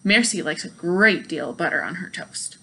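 A kindly motherly woman speaks in a gentle, reassuring way, as a woman reading aloud puts her on. Her tone is cheerful and calm, a comforting storybook voice. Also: fairly low pitch, moderate pace, vocal fry, breathy edge, voice pushed down, exaggerated voice. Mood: soothing.

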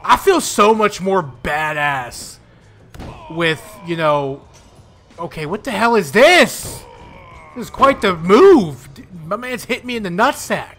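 A young man talking over a wrestling video game he is playing, mixing loud trash talk and outbursts with mumbled asides. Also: high voice, animated, slow pace. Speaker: gaming YouTuber.

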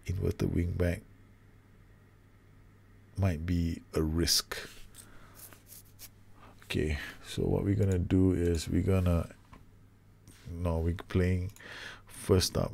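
A man's voice: low voice, flat delivery, slow, vocal fry, long pauses, dark tone. A man commentating on his own football management game, groaning and exasperated at his team. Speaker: gaming YouTuber.

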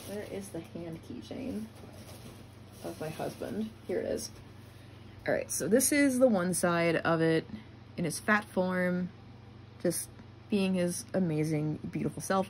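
Chatty young vlogger, filler-heavy. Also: female voice, on the low side, a little hiss or hum. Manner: chatty, lots of "like" fillers, giddy when excited. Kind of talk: casual storytelling vlog.

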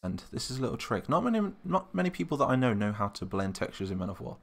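A man's voice: mid-range voice, big pitch swings, fast, gravelly. A young British man live-streaming, chatting casually and thinking aloud while answering viewers' comments. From Britain.

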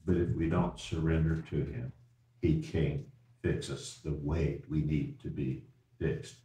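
Folksy pastor in an echoey church. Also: male voice, a bass voice, flat delivery, dark tone, distant mic. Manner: folksy, repeats words, stresses key phrases slowly. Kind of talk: evening sermon. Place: church sanctuary.

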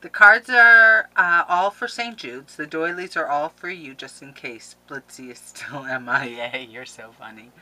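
A middle-aged woman, opening mail on camera in a casual vlog, gushing and excitable. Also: sits low, a little slow, few pauses, rough recording. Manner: gushing, excitable, laughs and gasps often. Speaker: crafting vlogger.

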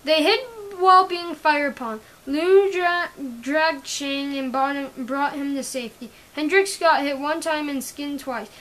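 A woman's voice: high voice, a bit bright, rough recording. A woman reading her own action story aloud, stumbling and correcting herself often. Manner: halting, often restarting and correcting words. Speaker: story reader.

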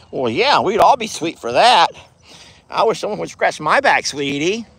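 A man's voice: a little high, wildly swooping pitch, normal speed, a bit bright, husky. A man talking casually outdoors on his cattle ranch while he walks among the cows, affectionate and chatty, often cooing sweetly at the animals. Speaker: ranch owner and vlogger.

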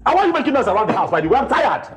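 A man's voice: very high-pitched, very animated, very fast, slight background noise. A man playing an exasperated Nigerian husband. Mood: irritated. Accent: Nigerian English. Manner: exasperated, repetitive, sermonizing. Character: irritable husband Boma, tired after work. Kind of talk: Nollywood film acting. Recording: echoey room with music.

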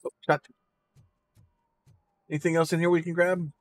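A woman's voice: lowish voice, little pitch movement, normal speed, no echo. A woman streamer giving let's-play commentary, giggling and amused.

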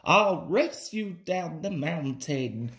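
A man reading aloud gives voice to a proud old steam engine who boasts about being fearless. The lines rise and fall widely and are spoken slowly, like a storybook brag. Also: fairly high pitch, lively intonation, fairly bright tone, exaggerated voice. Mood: boastful.

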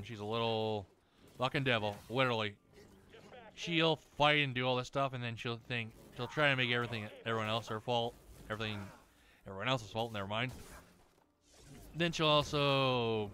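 A man ranting angrily and profanely over gameplay, mocking people in shrill voices. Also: a little fast, sharp tone. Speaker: let's play host. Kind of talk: angry rant over gameplay.

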